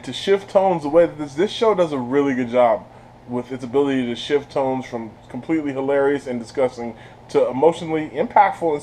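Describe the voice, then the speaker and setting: A man giving a casual spoiler review of a TV series. He laughs often, talks in slang and sounds animated. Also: fairly high pitch. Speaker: TV show reviewer.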